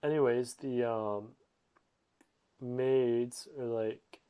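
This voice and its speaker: Man, casual rambling retelling, lots of ums, mid pitch. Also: little pitch movement, measured pace, mellow, smooth. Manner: rambling, many fillers and restarts, voices characters loosely. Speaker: narrator summarizing a comic.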